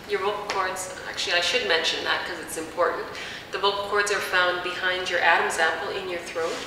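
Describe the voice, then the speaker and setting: A woman singing teacher calmly explaining vocal technique in plain words, with fillers. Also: lowish voice. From Canada. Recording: echoey room, mic at a distance, faint hiss.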